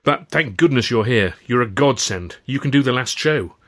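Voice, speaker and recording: A man voicing a kindly, sympathetic young male comedian in a story reading, confiding and gentle. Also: mid-range voice, lively intonation, normal speed, lightly acted. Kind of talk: storybook character voice.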